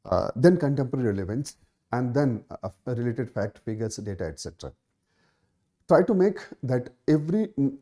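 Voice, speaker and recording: A man's voice: mid-range voice, mellow. A middle-aged man with an Indian English accent, a coaching teacher answering student questions in a live session, emphatic and repeating key phrases with many fillers.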